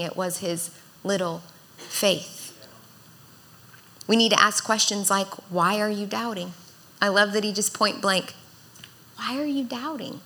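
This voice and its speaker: A woman's voice: mid-range voice, bright, forceful tone. A woman in her thirties preaching a sermon, earnest and exhorting, building to fervent calls to the congregation. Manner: earnest, exhorting, rises in intensity.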